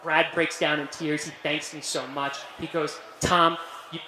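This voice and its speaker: A young male comedian working a club crowd through a handheld stage mic. His voice sits a bit high for a man, and he keeps checking in with "right?". The sound is roomy, with a faint hum of the venue behind him. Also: normal speed. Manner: animated, keeps asking "right?", jokey self-praise. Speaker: stand-up comedian. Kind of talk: stand-up comedy set.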